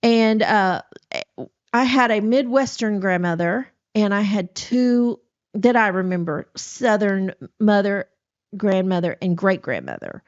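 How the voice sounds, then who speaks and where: A woman's voice: mid-range voice, sing-song, a little slow, dry recording. A woman hosting a podcast in casual chat, telling rambling stories with frequent restarts. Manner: rambling, self-interrupting storyteller. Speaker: podcast host. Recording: dull, dry lo-fi recording.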